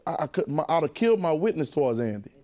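A man's voice: on the high side, big pitch swings, fast, mellow. A man with a Southern US accent preaching a sermon to his church, talking conversationally, laughing and calling for responses from the congregation. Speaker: pastor.

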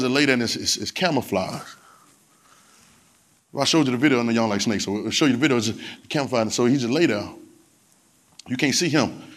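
A man's voice: mid-range voice, a bit bright. A man preaching a sermon in a colloquial manner, repeating phrases and urging the congregation to answer back. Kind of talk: sermon with call-and-response.

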